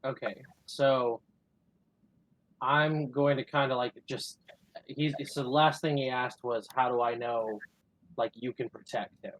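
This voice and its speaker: A man's voice: mid-range voice, measured pace, no room sound, poor audio. A man playing a tabletop game who describes his character's actions tentatively, with many fillers. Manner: filler-heavy, tentative, bursts of excitement at rolls. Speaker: player.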